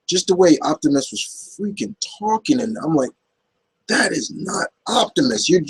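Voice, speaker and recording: Casual male Q&A host, mid-range husky voice, rambling and filler-heavy. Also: medium pitch, rough recording. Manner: rambling, many fillers and restarts. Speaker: YouTube Q&A host. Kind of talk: casual Q&A chat.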